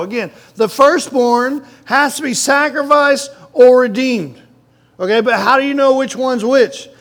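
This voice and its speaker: A man's voice: very high-pitched, fairly bright tone. A man preaching a sermon to a congregation, asking them questions and stressing his points. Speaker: pastor.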